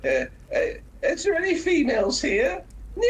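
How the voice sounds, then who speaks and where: Excitable man in his fifties. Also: high voice, normal speed, poor audio. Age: 50s. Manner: excitable, laughs through his own storytelling. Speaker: guest on a game livestream. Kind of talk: casual chat.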